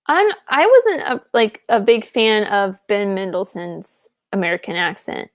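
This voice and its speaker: A woman co-hosts a podcast in a relaxed, chatty way, with filler words all through her speech. Her voice sits at an ordinary pitch, and the recording is dry and close, with no room sound. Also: unhurried, dry recording. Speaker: podcast co-host. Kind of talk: casual chat.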